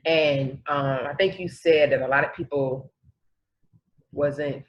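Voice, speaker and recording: A woman co-hosting a podcast in casual chat, talking in an animated way and often trailing off and restarting. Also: deep voice, takes it slowly, muffled recording, a little hiss or hum. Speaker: podcast co-host.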